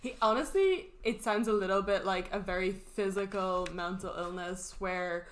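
A woman's voice: medium pitch, moderate pace, a little hiss or hum. A woman in a casual book chat, adding wry commentary and joking asides to her friend's summary. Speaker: podcast co-host.

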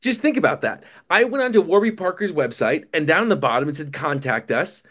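Animated man telling a story. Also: fairly high pitch, brisk. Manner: animated storytelling, some stammered restarts. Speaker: podcast guest, company founder. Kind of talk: casual podcast interview.

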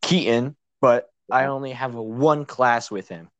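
A teenage boy in middle school, chatting on a podcast and cracking goofy deadpan jokes. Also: medium pitch, a little slow, dry recording. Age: teens. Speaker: podcast co-host. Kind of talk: casual chat.

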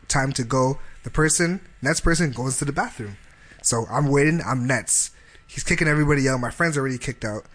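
A young man from Canada telling a profane, animated story in casual chat, acting out the dialogue. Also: mid-range voice.

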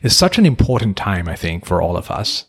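Earnest low-voiced man hosting a chat. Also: big pitch swings, a little fast, creaky, husky. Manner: earnest, reflective, asks open questions. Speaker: podcast host. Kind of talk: casual conversation.

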